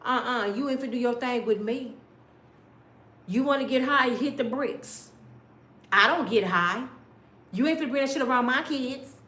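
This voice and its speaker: A middle-aged woman telling stories in a blunt, animated way, sometimes mimicking other people's voices. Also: fairly high pitch, moderate pace, pauses often, reverberant. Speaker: storyteller. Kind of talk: casual storytelling rant.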